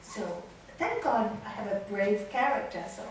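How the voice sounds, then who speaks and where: A woman yoga teacher telling a personal story to a group, animated and acting out the people in it. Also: medium pitch, normal speed, background noise. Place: meditation center hall. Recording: echoey room, mic at a distance.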